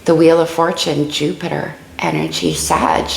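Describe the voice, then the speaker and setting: A woman with a low, creaky voice reads tarot cards in a casual way, thinking aloud and exclaiming over each card. Her voice rings in an echoey room with a faint hiss behind it. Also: fairly even intonation, measured pace. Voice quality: creaky morning voice. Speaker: tarot reader. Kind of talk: casual tarot reading to camera.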